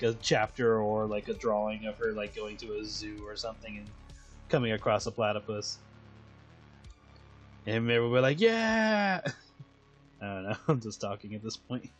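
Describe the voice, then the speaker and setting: Rambling, laughing man on a drawing stream. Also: lowish voice. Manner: profane, laughs often. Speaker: streaming artist. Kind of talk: rambling casual chat while drawing.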